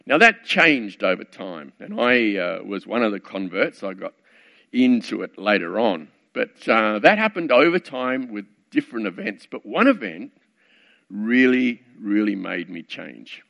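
A middle-aged male preacher spins a story from his working life with a gravelly edge to his voice. He talks conversationally, full of fillers and wry asides. The recording is dull and lo-fi. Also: lowish voice, big pitch swings, unhurried, bright, forceful tone. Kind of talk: storytelling sermon.

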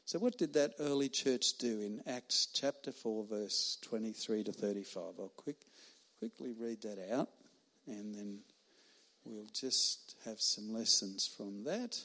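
A middle-aged man, a hospital chaplain, preaching a sermon in an earnest, emphatic way with pauses and a warm laugh at his own stories. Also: fairly low pitch.

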